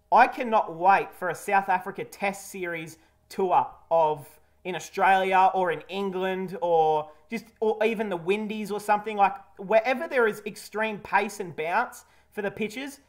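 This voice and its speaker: A man's voice: high-pitched, a little slow. A man hosting a casual cricket match review, talking candidly and jokingly with some blunt swearing. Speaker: cricket video host.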